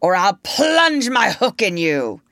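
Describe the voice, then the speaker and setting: A woman voicing a cocky boy who mimics a fierce pirate captain in a storybook. The barked orders ring out loud and high, with lively swings of pitch. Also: slow pace, no room sound, studio quality, heavily acted. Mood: commanding. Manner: bold, commanding, shouted orders.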